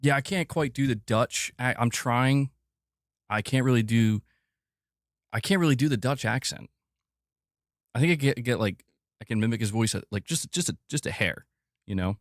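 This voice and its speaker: A man's voice: mid-range voice, normal speed, long pauses, dry recording, clean studio sound. A man hosting a casual gaming news show, joking and self-mocking as he reads. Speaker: host of a gaming news channel.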